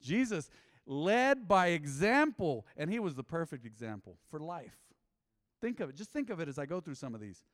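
A male pastor delivers a sermon with a slightly high voice, rising into loud emphatic bursts and dropping into quiet asides. He calls on the congregation to repeat his words. His voice rings with the long reverb of a church hall. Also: sing-song, quick pace. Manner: emphatic, big swings in pitch and loudness. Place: urban church.

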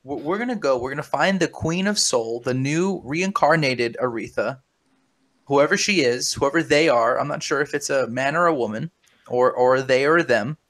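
With a medium-pitched, slightly bright voice at normal speed, this podcast host plays his comedy deadpan. He adopts a mock-serious, conspiratorial tone and trips over repeated words.

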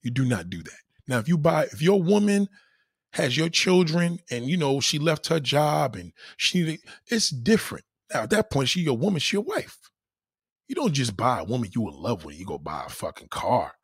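Male, husky and animated, blunt profane ranter, dry close sound. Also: medium pitch, normal speed, no room sound. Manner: acts out quoted people in varied voices. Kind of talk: casual opinion rant.

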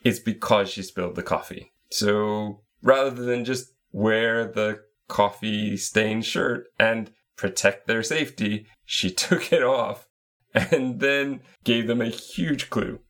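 A man's voice: fairly low pitch, takes it slowly, fairly bright tone. A man co-hosting a casual podcast, methodically recapping the scenes of a game. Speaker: podcast co-host.

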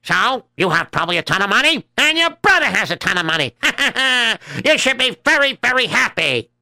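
A man's voice: very high-pitched, big pitch swings, moderate pace, gravelly, bright, forceful tone, no echo, heavily acted. A man playing a cackling crooked merchant. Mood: prying. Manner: chuckling, wheedling, laughs often. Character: sly, crooked male merchant who cackles.

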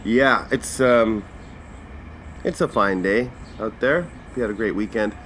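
A man's voice: on the low side, a little slow, a little hiss or hum. A man hosting a casual comedy podcast, ranting with lots of swearing. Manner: profane, animated ranting. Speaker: podcast host.

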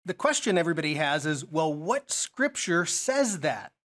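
A man's voice: on the high side, big pitch swings, moderate pace, fairly bright tone. A man teaching a Bible study lesson, explaining verses and asking rhetorical questions as he goes.

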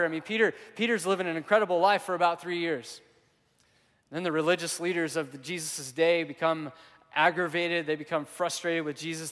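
A man preaching a sermon, telling a story and acting out the quotes, swinging from loud to hushed. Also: fairly high pitch, big-room sound. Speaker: pastor.

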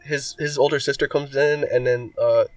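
A man's voice: mid-range voice, steady tone, moderate pace, no echo, far from the mic, faint music behind. A man co-hosting a casual podcast chat. He rambles and packs his talk with "like" and "um". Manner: rambling, filler-heavy with many likes and ums. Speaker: podcast co-host.

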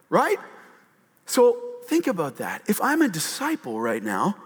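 A male pastor preaching a sermon, animated and often acting out quotes in a raised voice. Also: high voice, unhurried, slightly rough. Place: church hall with slides on a screen. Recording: long hall reverb.

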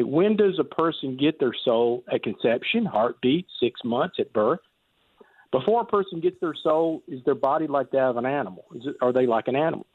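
A man's voice: medium pitch, no echo. A man calling in to a talk radio show, rambling and hesitant with many restarts as he speaks. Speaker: caller. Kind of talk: casual call-in chat. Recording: tinny phone line.

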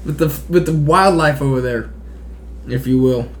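A man's voice: mid-range voice, moderate pace, roomy sound. A man interviewing in a casual comedic chat, rambling and stumbling over his words. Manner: rambling, stumbling, laughs often. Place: room in Oregon.

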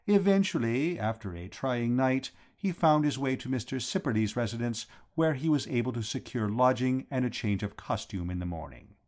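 A man voicing a grave, deferential middle-aged valet who answers formally and softly. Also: medium pitch, animated, moderate pace, few pauses, natural voice. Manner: formal, quiet, understated replies.

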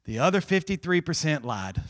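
Before a live congregation in a church hall, a middle-aged male pastor tells a Bible story with lively emphasis, shifting between loud pushes and low, quiet asides. His delivery is a little fast.

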